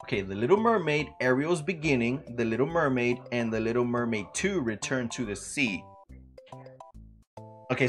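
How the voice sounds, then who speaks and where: A man livestreaming a game, chatting casually with viewers, swearing freely and yelling at the game in sudden high-pitched outbursts. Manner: profane, excitable trash talk at the game; greets viewers by name. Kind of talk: casual gaming livestream commentary.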